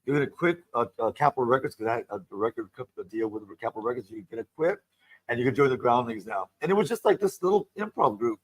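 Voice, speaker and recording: An older man, a guest performer, telling animated, gossipy show-business stories in casual chat and acting out the people he quotes. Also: medium pitch, quick pace, breathy edge, poor audio. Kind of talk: casual storytelling. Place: radio studio.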